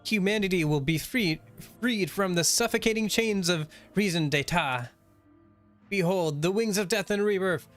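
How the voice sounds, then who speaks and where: A man's voice: high voice, normal speed, a bit bright, faint music behind, pitched above the performer's own voice. A man reading aloud the lines of a grandiose masked male villain, proclaiming in a theatrical way.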